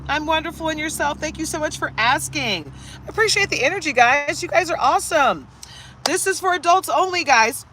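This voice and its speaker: A woman from Detroit hosting a casual live stream, animated and chatty, greeting viewers by name and laughing often, recorded at home on a phone or webcam. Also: high-pitched, brisk. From Detroit, USA. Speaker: live-stream host giving a reading.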